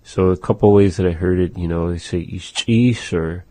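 A very low, mellow male voice, recorded close and dry. He teaches words of his language in a casual lesson, saying phrases slowly and musing aloud with "uh" and "you know". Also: steady tone, no room sound. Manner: repeats phrases slowly, thinks aloud with fillers.

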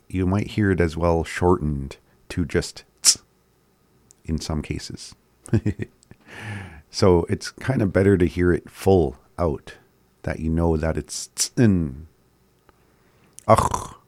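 A man giving a casual language lesson, slowly repeating words and chuckling often. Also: deep voice, darkish tone, no echo. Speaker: language teacher.

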